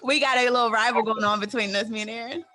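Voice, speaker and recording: A woman's voice: fairly high pitch, steady tone, quick pace, bright, forceful tone, no echo, faint music behind. A woman hosting an interview, playful and encouraging in a casual chat. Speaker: interview host.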